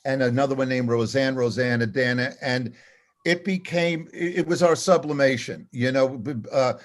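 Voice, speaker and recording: An older man, a comedy writer, telling an animated, self-deprecating anecdote and acting out the dialogue. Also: medium pitch, moderate pace. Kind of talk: storytelling anecdote.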